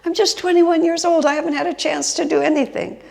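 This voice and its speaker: Woman doing a shrill, panicky young man. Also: fairly even intonation, brisk, vocal fry, a little mellow. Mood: pleading. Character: panicky young man pleading his case. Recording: long hall reverb.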